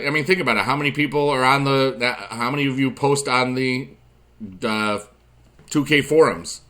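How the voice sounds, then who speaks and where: Bright-voiced rambling gaming host. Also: male voice, mid-range voice. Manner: rambling, chatty, drifts from quiet asides to loud excited bursts; addresses viewers directly with friendly advice. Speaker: YouTube gaming channel host. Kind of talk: rambling gameplay commentary.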